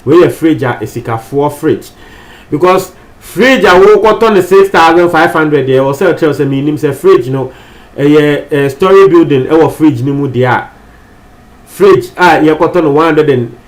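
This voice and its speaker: A Ghanaian man presenting entertainment news in a chatty, casual way, switching between languages and repeating phrases for emphasis. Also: fairly high pitch.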